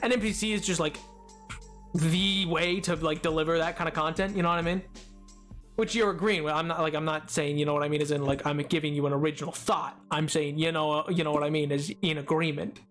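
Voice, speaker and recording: A man's voice: a little high, fairly even intonation, fairly quick, a bit bright, faint music behind. Man streamer riffing casually; restarts and stammers, self-mocking, desk mic. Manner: rambling, stammering self-deprecating banter. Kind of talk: casual gameplay commentary. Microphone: desk microphone.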